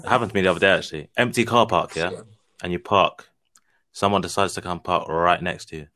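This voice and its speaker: A man telling stories in casual chat, animated and slangy. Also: low voice, fast talker.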